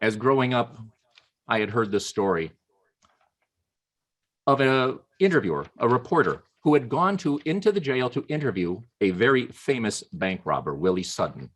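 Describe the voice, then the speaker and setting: A man giving a humorous prepared speech at a club meeting over a video call, telling anecdotes with playful pauses. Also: mid-range voice, very animated. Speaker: Toastmasters club speaker.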